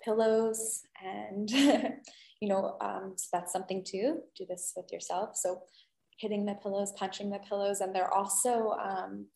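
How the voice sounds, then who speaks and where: A woman who is a holistic healing guest, chatting gently and effusively in a casual interview. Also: medium pitch, fairly even intonation, unhurried, creaky, reverberant. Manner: gentle, effusive, many "beautiful"s and "um"s.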